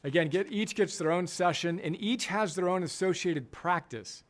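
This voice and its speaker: A man's voice: sits high, normal speed. A middle-aged man, a coach and program founder, giving an emphatic teaching talk and repeating key phrases for effect.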